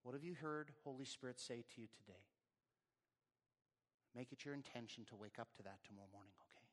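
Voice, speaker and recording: A man preaching a sermon as pastor, with rising emphasis and a quiet prayer. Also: medium pitch, fairly quick. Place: church service, also streamed online.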